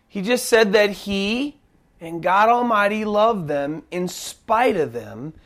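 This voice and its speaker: A man preaching a sermon as pastor, emphatic, dropping to a hush and rising to near shouts. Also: high-pitched.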